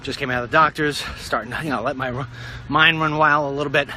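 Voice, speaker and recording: A middle-aged man telling a rambling story in a casual vlog, wry and animated. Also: a little high, fast talker, a little hiss or hum. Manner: wry, animated, puts on silly voices for quotes. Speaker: vlogger.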